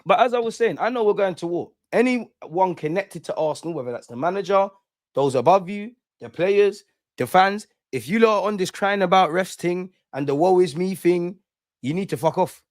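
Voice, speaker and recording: A man's voice: high-pitched, animated, normal speed, no room sound, clean studio sound. A young man hosting a live fan stream, ranting heatedly and repeating lines for emphasis. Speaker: fan channel host.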